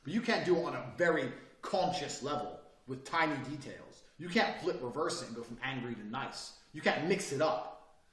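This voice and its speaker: A man giving a blunt, profane motivational talk, often dropping from loud to quiet. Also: fairly high pitch, echoey room, distant mic. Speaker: speaker giving advice.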